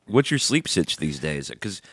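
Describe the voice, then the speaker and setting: Very deep-voiced joking man. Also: sing-song, a little slow, fairly bright tone, slightly rough, no room sound, studio quality. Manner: joking, loose, swears. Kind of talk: casual chat.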